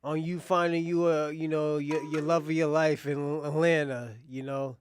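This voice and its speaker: A man's voice: fairly high pitch, level tone, moderate pace, slight background noise. A man co-hosting a live-stream show, teasing a caller with laughing banter. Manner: teasing, laughs between phrases.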